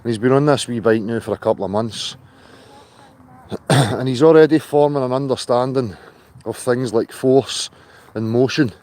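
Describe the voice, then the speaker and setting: A man's voice: medium pitch, a little mellow. A man hosting a casual livestream outdoors, chatty and loose, swearing now and then. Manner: chatty, greets viewers by name, swears in asides. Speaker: livestream host.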